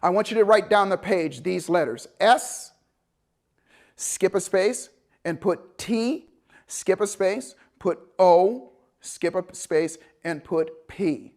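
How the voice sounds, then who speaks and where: A man teaching a motivational seminar, telling a story with lively acted-out dialogue and swings between loud bursts and hushed, calm passages. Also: high voice, slow pace. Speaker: motivational coach.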